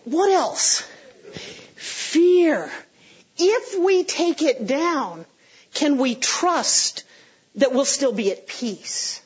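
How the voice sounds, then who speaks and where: A woman's voice: sits high, sing-song, drawn-out words, long pauses, dull audio. A middle-aged woman pastor preaching a conversational sermon, with self-deprecating humor, answering her congregation.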